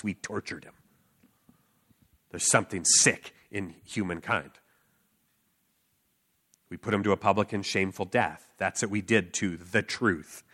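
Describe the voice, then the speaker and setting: A man preaching a sermon, telling a personal story with earnest emphasis, filler words and quick laughs. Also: lowish voice, pushed and bright. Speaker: street preacher.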